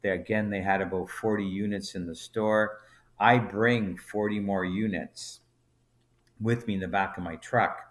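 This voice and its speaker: A man's voice: on the low side, measured pace. A man, a brewery co-founder guest on a podcast, telling an anecdote and acting out the dialogue as he goes. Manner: animated storyteller, acts out dialogue in quotes. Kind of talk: storytelling anecdote in conversation.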